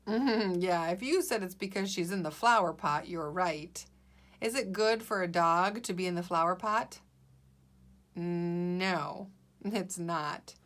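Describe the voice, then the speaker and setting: A woman's voice: fairly low pitch, slow pace, fairly bright tone. A woman teacher leading a guided reading lesson for young children, patient and encouraging, sounding out letters and words.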